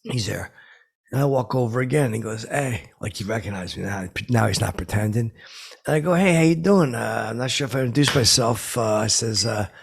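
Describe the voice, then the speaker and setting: A deluded, washed-up comedian, played by a man, rambles through his own podcast from home. His voice is deeply gravelly, with a rough, husky rasp and plenty of fry. He talks in halting, self-important bursts, stalling on fillers and restarting his sentences. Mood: rambling boastful. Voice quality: gravelly and raspy. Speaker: podcast host. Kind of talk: improvised comic character monologue.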